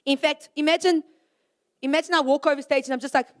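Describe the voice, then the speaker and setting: Here a young woman, high in pitch, preaches to a youth crowd with an animated, chatty delivery. Rhetorical questions aimed at her listeners come often, along with short dramatized moments.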